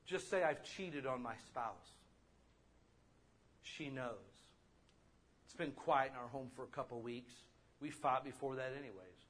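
A male pastor preaching a sermon in a conversational, animated way, asking the congregation rhetorical questions. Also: medium pitch, a little slow, long pauses.

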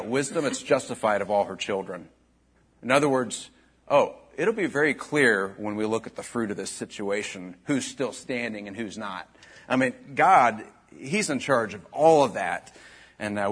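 Husky-voiced man preaching. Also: mid-range voice, a bit bright. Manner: conversational preaching, rising to emphatic bursts. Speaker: pastor. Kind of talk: sermon.

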